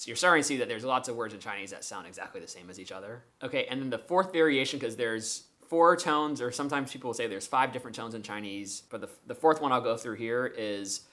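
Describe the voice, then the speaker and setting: A man's voice: mid-range voice, quick pace, few pauses, sharp tone. Man explaining step by step. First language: English. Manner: methodical, explains step by step with examples. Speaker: language-learning vlogger. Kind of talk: explanatory vlog talk.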